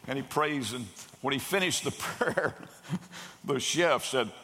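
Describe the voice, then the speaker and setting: A man's voice: medium pitch, unhurried. A man preaching a sermon, telling a story and raising his voice when he quotes the people in it. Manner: animated storyteller, raises voice for quoted characters. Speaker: pastor. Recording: long hall reverb.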